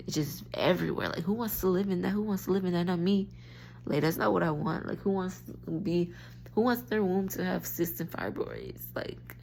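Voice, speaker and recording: Low, gravelly woman ranting into her phone. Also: a little hiss or hum. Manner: frustrated, stream-of-consciousness, restarts thoughts. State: tired. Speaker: spiritual vlogger. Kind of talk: rambling rant to camera.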